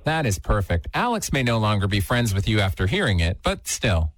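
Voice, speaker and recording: A man's voice: on the low side, big pitch swings, a little fast. Playful male rock radio host. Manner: playful, teasing. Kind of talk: radio call-in banter.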